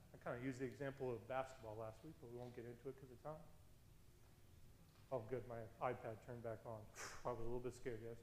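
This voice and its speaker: A man preaching a sermon as pastor, casual and energetic, with quick laughs and chatty asides. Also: medium pitch, roomy sound, rough recording.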